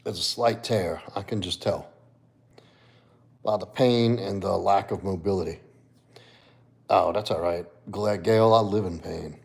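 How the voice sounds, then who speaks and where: Lowish, creaky, and a little mellow, the man's voice carries a relaxed livestream. He's a fitness coach who answers chat viewers and talks to his dog in a laid-back manner.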